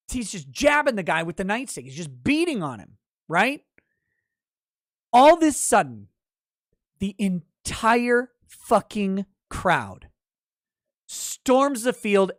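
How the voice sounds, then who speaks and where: A man's voice: high voice, dry recording, clean studio sound. Profane ranting male livestream host. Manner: profane, ranting, laughs between lines; animated with sudden loud bursts. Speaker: livestream host reading chat. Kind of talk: casual livestream chat.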